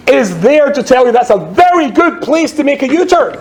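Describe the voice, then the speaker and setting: A man's voice: very high-pitched, expressive, fairly quick, few pauses. A Scottish man, a rabbi, telling funny stories in a talk with a dry, wry delivery. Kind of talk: humorous storytelling talk.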